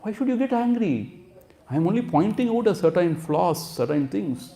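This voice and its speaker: A man's voice: high-pitched, expressive, moderate pace, gravelly, warm tone. A man teaching scripture as a spiritual teacher, explaining terms word by word and acting out quotes. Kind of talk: scripture lecture.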